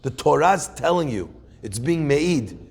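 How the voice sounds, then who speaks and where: A man's voice: fairly high pitch, animated, measured pace, gravelly, husky, long reverb tail. A middle-aged male rabbi giving a sermon to a room, telling stories and asking the listeners rhetorical questions. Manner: storytelling with Yiddish-flavored phrasing and rhetorical questions. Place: room with an audience.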